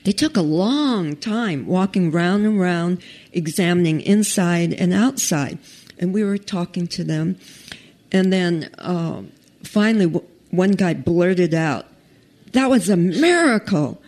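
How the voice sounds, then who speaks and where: A woman telling a personal story in an unhurried, conversational way, pausing and restarting as she goes. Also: lowish voice, dark tone.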